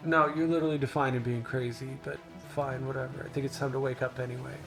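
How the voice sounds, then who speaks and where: A man's voice: medium pitch, flat delivery, fast talker, voice pushed up, natural voice. A man voicing an eager young male soldier who talks bluntly and with some exasperation. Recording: music playing behind.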